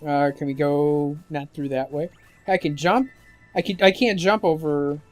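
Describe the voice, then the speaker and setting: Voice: medium pitch, steady tone, a little slow. A let's-play commentator tossing off sarcastic, joking remarks while playing. The tone is loose and casual, with game music faintly underneath.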